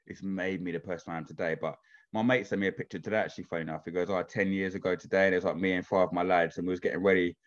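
A man's voice: low-pitched, steady tone, very fast, highs cut off. A man chatting casually, swearing freely and often asking whether he is understood. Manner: chatty, swears freely, keeps asking "do you know what I mean". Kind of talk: casual chat.

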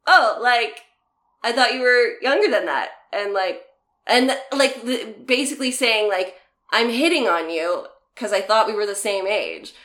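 A woman's voice: a little high, measured pace, reverberant. A woman in her thirties, a comedian, telling stories in casual chat and acting out the quotes. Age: 30s. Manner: animated storyteller, acts out quotes.

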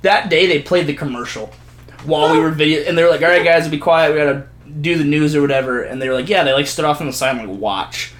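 A young man casually telling a story among friends, animated, laughing often and acting out what people said. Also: on the high side, quick pace, echoey room. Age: young adult.

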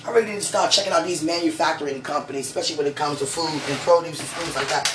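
At home with her partner, a low-voiced woman talks rapid-fire in a casual, gushing ramble, peppered with "you know" and fervent religious asides. It's recorded far from the mic in an echoey room with constant background noise.

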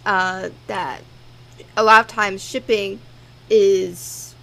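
A young woman co-hosting a podcast in casual chat, with a groggy morning voice, relaxed and quick to laugh. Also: mid-range voice, gravelly, low-quality recording. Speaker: podcast co-host.

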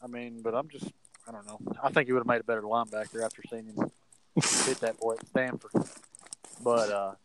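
A man with a mid-range voice talks football in a casual chat. He speaks slowly and stumbles over his words a little while he makes his picks. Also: medium pitch, fairly even intonation, fairly bright tone, a little hiss or hum, poor audio. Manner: slow, halting, with stutters. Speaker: co-host picking games.

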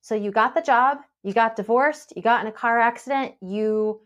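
A woman talks as a podcast guest, easy and conversational. She tells stories with lively swings, briefly voicing herself and others. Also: fairly high pitch, normal speed. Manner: animated storytelling, acts out her own past lines. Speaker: podcast guest, happiness mentor. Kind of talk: casual podcast interview.

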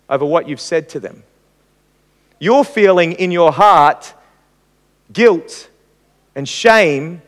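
A man leads a church class in a sermon-like teaching style. His voice sits high, and it rises further as he acts out everyday scenes. A long reverb from the hall trails behind every word. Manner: animated, acts out examples with rising pitch.

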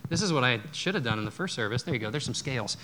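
A man's voice: medium pitch, lively intonation, racing, background noise. A man preaching a sermon in a church, talking conversationally with restarts and self-deprecating asides. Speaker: pastor. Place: church sanctuary.

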